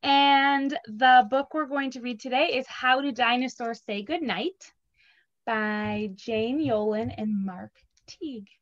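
A woman in her thirties, a teacher leading children's story time, singing simple songs and reading a picture book aloud in a gentle, expressive way. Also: on the high side, slow. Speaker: preschool teacher. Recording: dull lo-fi sound.

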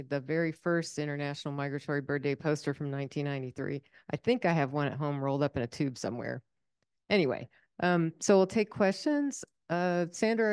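A woman's voice: on the low side, a little mellow, clear, resonant tone, no echo, clean studio sound. A woman hosting a public talk, friendly and informal. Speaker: event host.

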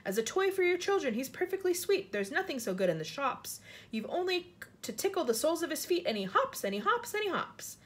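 A woman's voice: extremely high pitch, big pitch swings, fairly quick, pitched above the performer's own voice. A woman reading aloud the voice of a young boy who proudly presents his friends in rhythmic, sing-song verse. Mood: showman. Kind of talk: children's book read aloud.

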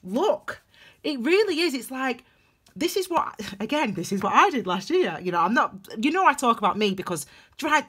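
Animated woman reading tarot. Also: husky. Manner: animated, emphatic, repeats phrases for stress, big swings in pitch and loudness. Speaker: tarot reader. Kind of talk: casual intuitive tarot reading to camera.

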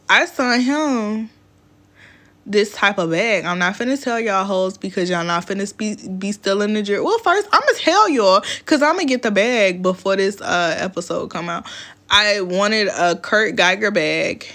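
A woman's voice: medium pitch, expressive, measured pace, fairly bright tone. A young woman vlogger telling a dating story to camera in casual chat, blunt and profane, laughing often.

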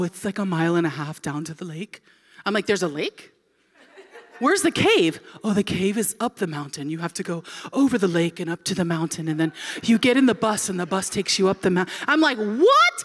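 A woman in her forties from Florida, a pastor telling a funny story in a sermon and acting out the people in it. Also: medium pitch. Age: 40s. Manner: animated, comic, acts out quoted voices.

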